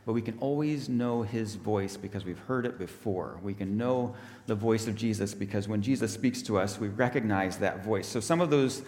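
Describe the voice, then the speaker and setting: A man's voice: fairly low pitch, moderate pace, a little mellow. A man, a minister giving a friendly children's talk during a church service. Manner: friendly, explaining. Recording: echoey church hall.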